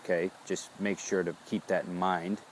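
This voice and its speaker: A man reflecting aloud in a body-awareness check-in, speaking slowly and introspectively, often pausing to search for words. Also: deep voice, flat delivery, a little hiss or hum. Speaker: founder of a wellness business.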